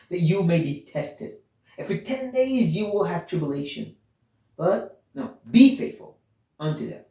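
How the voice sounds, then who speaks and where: A man's voice: a little high, mellow. Blunt, earnest man preaching in an echoey room. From Canada. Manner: earnest, blunt, with frequent restarts and emphatic stresses. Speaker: Bible teacher. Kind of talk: sermon-style Bible teaching.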